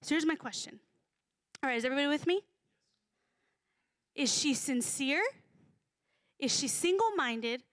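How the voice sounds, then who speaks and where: A woman giving a sermon in a conversational, animated way, sometimes acting out voices. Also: high-pitched, normal speed, pauses often, no room sound. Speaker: preacher.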